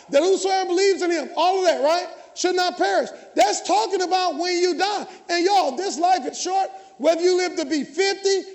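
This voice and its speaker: A man preaches in a strikingly high voice, calling out to his congregation. He jokes with the pews and often rises to a shout. Long reverb from the church hall trails each phrase. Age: 50s. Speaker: pastor. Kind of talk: lively sermon with jokes to the congregation.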